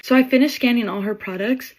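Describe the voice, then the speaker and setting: A woman's voice: fairly high pitch, fast, darkish tone. A young woman casually telling a story from her retail job, acting out what each person said. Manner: chatty, acts out customers' lines in quotes. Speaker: Sephora employee telling a story.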